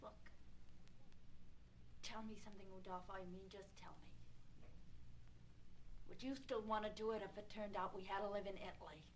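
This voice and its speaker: A woman's voice: mid-range voice, fairly even intonation, fast, hardly any pauses, close to an everyday voice, rough recording. An actress playing an anxious, torn young woman from Brooklyn who speaks in an earnest, pleading way. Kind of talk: film drama acting.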